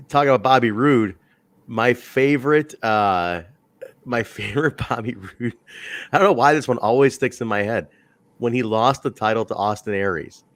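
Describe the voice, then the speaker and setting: A man's voice: lowish voice, no room sound. Rambling man in casual chat. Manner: rambling, animated storytelling with laughs. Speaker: podcast co-host reviewing wrestling.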